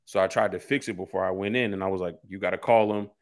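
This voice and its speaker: A man's voice: sits low, fairly even intonation, fast talker. A man co-hosting a casual sports talk show, telling rambling stories in slangy everyday speech. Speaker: co-host.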